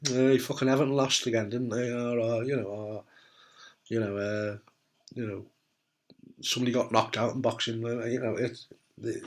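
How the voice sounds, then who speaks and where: A middle-aged man from the UK, a cancer survivor talking candidly to camera, blunt and jokey, swearing casually and often asking "right?". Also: medium pitch. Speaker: testicular cancer survivor giving advice.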